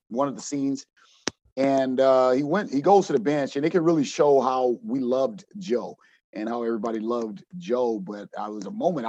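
A man's voice: mid-range voice, dry recording. Male coach telling a story, dull dry sound. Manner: animated, acts out quotes, many restarts. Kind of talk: storytelling in a podcast interview.

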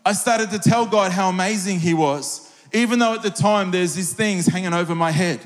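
A man's voice: sits high, moderate pace. A middle-aged man, a pastor, preaching a sermon with an earnest, personal storytelling manner that builds into fervent prayer. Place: large church hall. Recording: long hall reverb.

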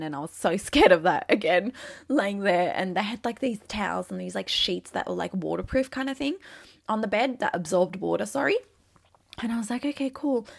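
A young woman tells her own story in a relaxed, chatty way, peppering her talk with "like" and acting out what people said. Her voice has a gravelly fry at the ends of phrases, set at a middle pitch. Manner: chatty, candid, lots of "like", acts out quotes. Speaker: new mother telling her birth story. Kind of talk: casual storytelling.

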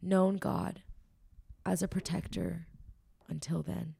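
A podcast guest with a fairly low, warm voice that has a gravelly, creaky edge gives a personal faith testimony, speaking slowly with a flat delivery. She's earnest and emotional, rambling through lots of ums and likes.

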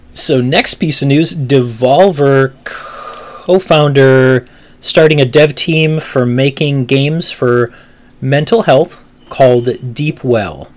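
A man co-hosting a casual gaming news podcast, relaxed and joking as he reads out the next story. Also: mid-range voice, takes it slowly. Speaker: podcast co-host.

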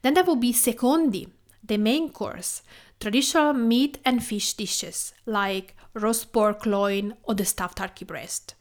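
A woman from Tuscany with an Italian accent, reading a scripted podcast introduction in a measured, list-like way. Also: on the high side. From Tuscany, Italy. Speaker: podcast host.

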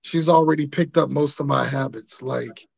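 Slangy podcast host dude, gravelly, kinda dull lo-fi sound. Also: male voice, a little high, steady tone, normal speed, dry recording. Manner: laid-back slangy banter. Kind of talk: casual chat.

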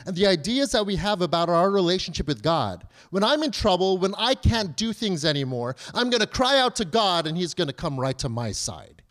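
A man in his thirties delivers a sermon in a talky, conversational way. His voice sits a little high, and he keeps asking the room questions and mimicking pleading voices. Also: big pitch swings, fairly quick, few pauses, a bit bright. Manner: conversational preaching with rhetorical questions; acts out children's and believers' pleas in a higher voice. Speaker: pastor.

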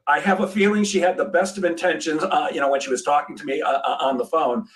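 A man with a fairly high voice hosts a casual interview, telling stories with animation and often restarting sentences. He sits a little back from the microphone, so his voice has some distance. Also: fast talker. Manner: animated storyteller who acts out quoted dialogue, with frequent restarts. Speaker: podcast host.

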